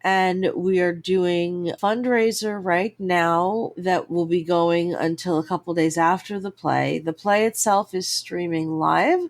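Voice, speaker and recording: A woman theatre producer, explaining things in a measured, informative way during an interview. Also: lowish voice, fairly even intonation.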